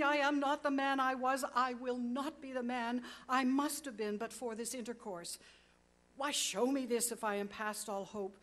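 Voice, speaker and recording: A woman's voice: on the high side, close to an everyday voice. Scrooge, a woman reading as an old miser. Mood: desperate. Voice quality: urgent, exclamatory delivery. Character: remorseful old miser, pleading then overjoyed. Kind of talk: storybook reading.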